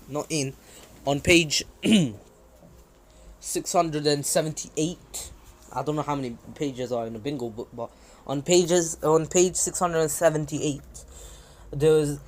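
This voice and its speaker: A young man casually telling a fan-fiction story, rambling with frequent self-corrections and throat clearing. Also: on the high side.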